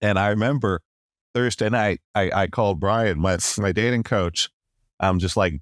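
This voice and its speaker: A middle-aged man with a low, deep voice tells his story as a podcast guest. He acts out his quoted rants and keeps coming back to "long story short". The recording is close and dry. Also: normal speed, no room sound.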